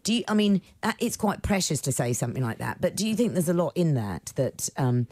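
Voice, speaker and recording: An older woman, hosting a late-night radio interview and chatting with her guests in a lively way. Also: sits low, a little fast, breathy edge, dry recording. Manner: chatty, animated, talks over guests. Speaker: radio show host. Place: radio studio. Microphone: studio microphone.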